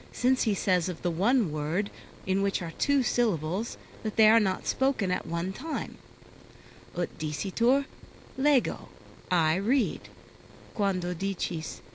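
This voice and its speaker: A woman reading an old translated text aloud in a measured, deliberate recitation. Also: medium pitch, slight background noise, low-quality recording. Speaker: reader.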